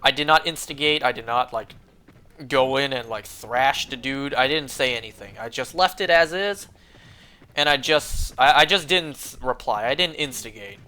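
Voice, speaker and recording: A man's voice: mid-range voice, normal speed, sharp tone, soft background music. A young man streaming a game, telling a rambling, profane story in casual chat, full of fillers. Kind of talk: casual chat while gaming.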